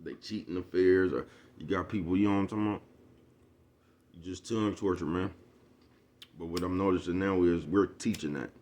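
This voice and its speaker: Deep-voiced man ranting in street slang. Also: steady tone, brisk, pauses often, darkish tone. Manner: streetwise slang, keeps asking "you know what I'm talking about"; profane, preachy storytelling. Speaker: vlogger. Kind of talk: casual rant to the camera.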